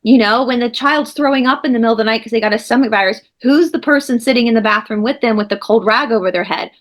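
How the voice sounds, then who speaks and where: A woman's voice: a little high, fast talker. A woman, an interviewer speaking earnestly and emphatically in a casual video-call chat. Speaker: co-host interviewer.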